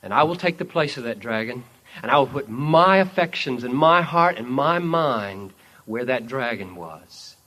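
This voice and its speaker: A man preaching, speaking as Jesus as a calm, commanding sovereign king in an imagined story. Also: mid-range voice, normal speed. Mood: reassuring. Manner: solemn, commanding.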